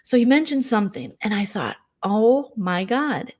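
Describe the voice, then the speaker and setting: A woman talking to her camera in a loose late-night chat, sarcastic and ranting. Her voice sits at an ordinary middle pitch, with mocking asides. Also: sing-song, normal speed, darkish tone. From United States. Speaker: vlogger.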